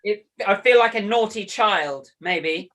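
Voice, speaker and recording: A man's voice: high-pitched, expressive, measured pace, sharp tone. A British man helping out in a drama workshop, light and self-mocking as he tries out voices. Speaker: workshop assistant. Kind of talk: casual chat.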